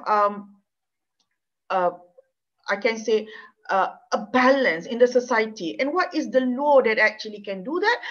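A woman's voice: a little high, a bit bright. Earnest Malaysian woman lecturing on law. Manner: earnest, emotional, repeats words, non-native phrasing. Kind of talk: university lecture with personal story. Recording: dull lo-fi sound.

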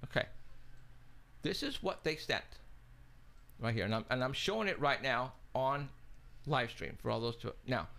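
A radio show host telling an excited, casual story, acting out both sides of a phone call. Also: male voice, medium pitch, normal speed, creaky, long pauses. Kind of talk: casual chat. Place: studio, live stream.

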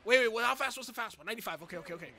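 A young man giving excitable commentary over his own baseball video game, chatting to viewers and shouting and groaning at each play. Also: very high voice, very fast. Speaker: gaming channel host. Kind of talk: live gameplay commentary.

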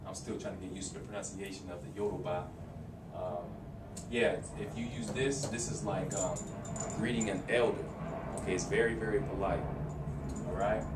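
Man teaching a casual language lesson, hesitant. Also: on the low side. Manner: casual, hesitant, with many fillers and restarts; repeats phrases slowly for practice. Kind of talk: informal video language lesson. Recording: roomy, distant home recording with faint hiss.

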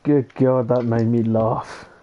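A man's voice: medium pitch, fairly even intonation, slow pace, warm tone. A man playing a block-building game with a friend, teasing him playfully and giggling often. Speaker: co-player. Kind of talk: casual let's-play chat. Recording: muffled, lo-fi voice chat with faint background noise.

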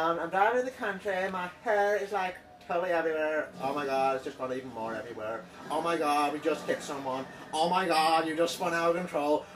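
A man doing a ditzy, airheaded tan guy with a mock Quebec accent and a breezy valley-speak drawl. The voice sits a little low and easygoing, heard from a distance with a faint hiss behind it. It sounds like a voice improvised over game footage. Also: close to an everyday voice. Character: ditzy tanned young man with a faked Canadian accent.

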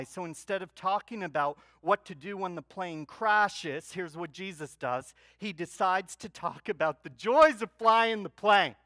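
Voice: medium pitch, no room sound. A pastor preaching a sermon in church, telling stories with humor and energy. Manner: animated storytelling with humor.

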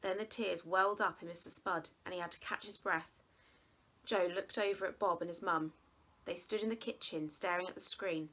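A woman reading a children's novel aloud with expressive storytelling. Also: on the low side, normal speed. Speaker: reader.

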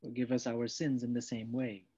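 A man delivering a sermon in a slightly husky voice, lively and theatrical as he acts out the words of the people he describes. The recording is dull and lo-fi. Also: mid-range voice, moderate pace. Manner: animated, acts out quoted prayers and replies. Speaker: preacher. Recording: dull lo-fi sound.

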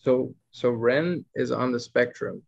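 A man in his thirties hosting a casual podcast. His voice is gravelly and he rambles with many restarts. He mimics his kids as he talks, and the recording sounds dull and lo-fi. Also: mid-range voice, unhurried. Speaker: podcast host. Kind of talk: casual chat.

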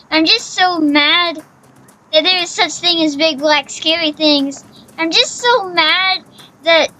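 High, bright-voiced woman rambling over gameplay. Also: poor audio. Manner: rambling, repeats herself, speaks to the game character. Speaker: gaming channel host. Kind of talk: casual gameplay commentary.

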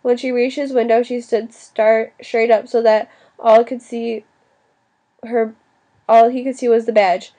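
A woman narrating an audiobook in an even reading voice, now and then restarting a word. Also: a little high, unhurried, lo-fi sound. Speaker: audiobook reader.

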